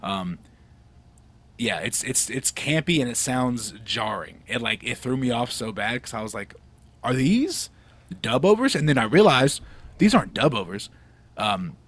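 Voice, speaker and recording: A man co-hosting a laid-back podcast, thinking aloud as he talks. He rambles with plenty of ums and likes. He grows animated as he builds his point. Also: medium pitch, normal speed, no room sound. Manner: rambling, animated, many fillers and restarts. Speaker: podcast co-host. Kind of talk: casual chat.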